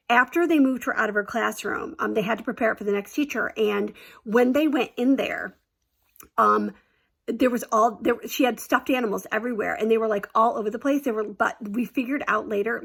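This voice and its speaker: A chatty woman spins a teaching story with plenty of fillers and big exaggerations. Her voice sits a little high, with a gravelly, creaky fry running through it. She sounds loose and offhand. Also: fairly bright tone. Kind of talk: casual storytelling.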